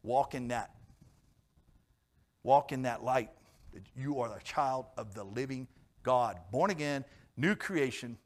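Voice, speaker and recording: A man preaching a sermon in church, questioning his congregation and swinging between emphatic loud lines and quiet low ones. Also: measured pace, long pauses. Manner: repeats and restarts words, asks questions of the congregation. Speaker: pastor.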